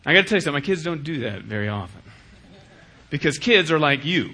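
A middle-aged pastor delivers a lively sermon, slipping into short acted-out exchanges as he speaks. His voice is bright and forceful, pitched a little high for a man. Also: quick pace. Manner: animated, acts out dialogues with shifting voice.

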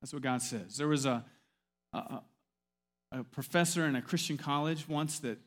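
A man's voice: mid-range voice, normal speed. A man preaching a sermon as pastor, emphatic and repetitive, weaving in stories.

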